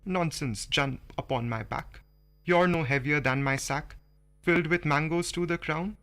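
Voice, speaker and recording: A sly, scheming male crocodile, as a man reads him out. The rhymes come slow and deliberate, in a bright voice. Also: on the high side. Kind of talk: slow poetry reading.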